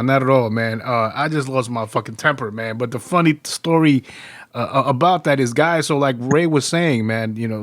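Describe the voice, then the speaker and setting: Guy hosting a podcast, swearing and cracking up, mid-pitched, dry close sound. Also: fairly bright tone, dry recording. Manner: profane, laughing storyteller. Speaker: podcast host. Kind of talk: casual chat.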